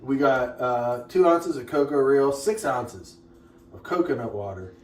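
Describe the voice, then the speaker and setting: A man's voice: mid-range voice, expressive, unhurried. Male co-host, joking rambler, echoey room with faint noise. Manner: joking, rambling, breaks into silly singing. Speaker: co-host mixing a drink. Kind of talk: casual chat.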